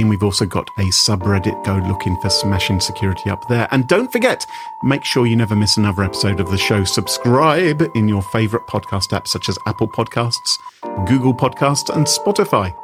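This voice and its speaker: A man's voice: medium pitch, big pitch swings, a little fast, over music. A man hosting a podcast, joking around and asking playful, incredulous questions. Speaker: podcast host. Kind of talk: casual podcast banter.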